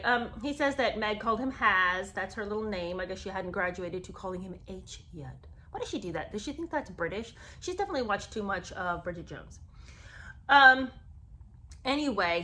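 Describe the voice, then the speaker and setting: A woman's voice: medium pitch, sharp tone, a little hiss or hum. A woman giving sarcastic, exasperated commentary on a memoir, talking in a chatty way to her viewers. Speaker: book commentary host.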